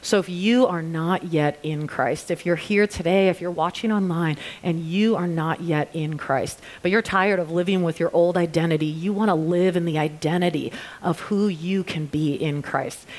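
A woman's voice: fairly low pitch, a little mellow. A woman preacher giving an earnest altar call and prayer to a church gathering. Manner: earnest, slow deliberate reading at times. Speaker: women's ministry preacher. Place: church with online viewers.

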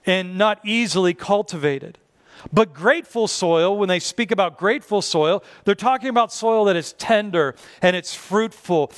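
A man's voice: sits high, fairly bright tone. A man in his forties, a pastor preaching a sermon in a conversational way with frequent fillers and repetitions.

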